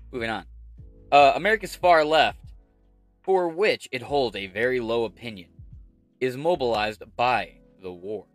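A man's voice: medium pitch, a bit bright. A man hosting political commentary, reading an article aloud and ranting over it with heavy swearing and sarcasm.

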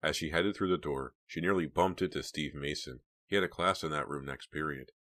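A man with an extremely deep voice reads an audiobook with steady, measured pacing. The delivery is calm and even. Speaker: audiobook narrator. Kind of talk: scripted audiobook narration.

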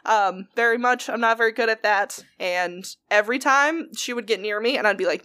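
A young woman telling a story in a casual chat, animated and sweary. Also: fairly high pitch, moderate pace, few pauses, clean tone.

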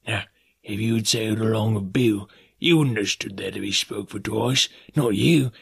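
A man reading an audiobook, voicing a sly, fawning middle-aged male pirate in a husky, wheedling way. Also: lowish voice, normal speed, a bit bright, dry recording, clean studio sound, exaggerated voice. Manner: wheedling, half fawning, half sneering. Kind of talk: audiobook character voice.

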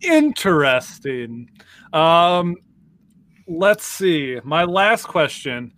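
Male host, slightly higher voice, laid-back and teasing. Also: very animated, extremely slow, fairly bright tone, a little hiss or hum. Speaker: host asking questions. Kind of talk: casual chat.

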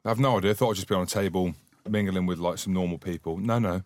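A Scottish man co-hosting a podcast, swearing freely while telling a lively anecdote. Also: low-pitched, quick pace, no room sound. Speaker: podcast co-host, former rugby player. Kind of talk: casual storytelling chat.

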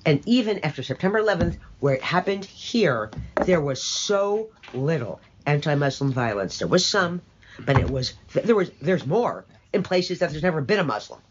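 A woman's voice: low-pitched, very animated, moderate pace, lo-fi sound, noisy background. Opinionated older woman, emphatic and sardonic. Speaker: interview guest. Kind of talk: conversational interview.

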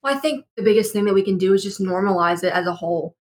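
A woman's voice: mid-range voice, fast talker. A young woman guest on a panel, earnestly reflecting on her own teenage experience. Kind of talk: personal testimony in a panel discussion.

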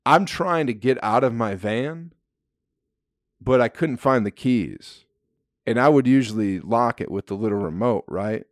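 A man's voice: fairly low pitch, dry recording, clean studio sound. A young man casually telling a story, laid-back, swearing freely and laughing often.

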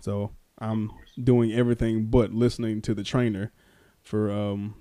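A man's voice: fairly low pitch, a little slow, no room sound. A man hosting a casual podcast who teases his co-host, laughs often and tells stories loosely with many fillers. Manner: teasing, animated, laughs often.

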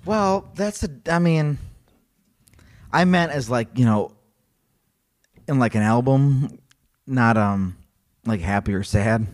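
A man's voice: mid-range voice, lively intonation, slow, pauses often. A man co-hosting a podcast, chatting casually and rambling with lots of fillers and restarts. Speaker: podcast co-host. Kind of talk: casual chat.

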